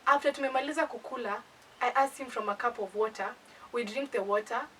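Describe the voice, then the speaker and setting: Young Kenyan woman, animated storyteller, high breathy voice, distant mic. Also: brisk, slight background noise. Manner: animated, indignant, code-switching. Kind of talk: casual storytime.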